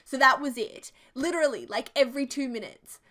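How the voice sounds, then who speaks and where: A woman, casually telling a story, chatty and animated with lots of "like". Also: high-pitched, a little fast. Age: 20s. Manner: chatty and animated, heavy use of "like". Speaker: video creator. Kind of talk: casual storytelling over a build video.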